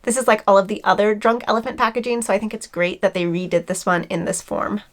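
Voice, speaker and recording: A woman's voice: medium pitch, quick pace. Gushing young woman unboxing skincare. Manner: gushing, excitable, chatty. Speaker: beauty vlogger. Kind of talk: casual unboxing review.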